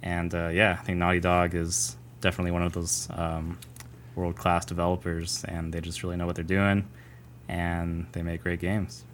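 A man co-hosting a casual gaming podcast, talking in a measured, thoughtful way with frequent ums. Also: low voice, monotone, slight background noise. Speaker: podcast co-host.

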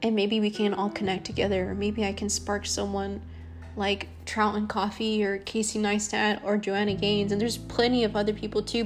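A young woman hosting her own podcast, talking earnestly and rambling a little, with frequent ums and soft laughs. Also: medium pitch. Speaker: podcast host. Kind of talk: casual solo podcast talk.

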